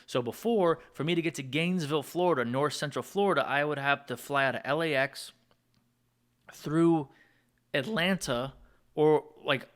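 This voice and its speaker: A man's voice: on the high side, moderate pace, a bit bright. A man telling a long personal story in a casual monologue, rambling and digressive, with asides to his listeners. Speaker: music producer and channel host.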